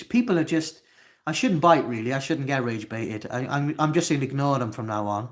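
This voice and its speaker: A man's voice: medium pitch, lively intonation, brisk. A Welsh man in his twenties hosting a live stream, reading chat comments aloud and swearing at trolls. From Wales. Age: 20s. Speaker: livestream host.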